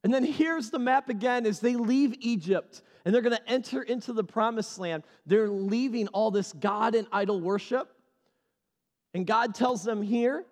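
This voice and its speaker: A male pastor preaching a sermon, animated and repeating key phrases for emphasis. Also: sits high, normal speed, in a large hall.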